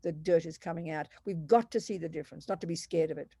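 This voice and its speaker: A woman's voice: sits low, quick pace, dark tone, husky, dry recording. Emphatic, direct woman nun teaching a class; dry, close recording. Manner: emphatic, direct, calls people sweetheart. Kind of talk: teaching and answering questions.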